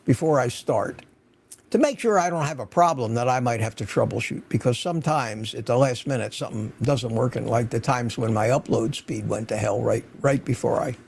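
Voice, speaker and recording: A man's voice: mid-range voice, vocal fry, a little mellow, breathy edge. An older man hosting a livestream, chatting casually and rambling as he greets viewers by name from his home studio. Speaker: livestream host.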